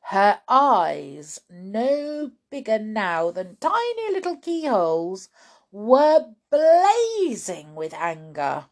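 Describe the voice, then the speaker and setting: Woman, storybook reader, children's story, very slow, lively intonation, dramatic. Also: mid-range voice. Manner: expressive, dramatic narration.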